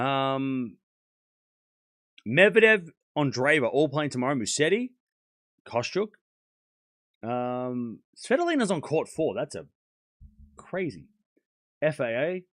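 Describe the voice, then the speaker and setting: A man with a sore throat hosting a tennis livestream, chatting casually to his viewers in a blunt, animated way and scolding them when they get rude. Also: mid-range voice, takes it slowly, long pauses, dry recording, clean studio sound.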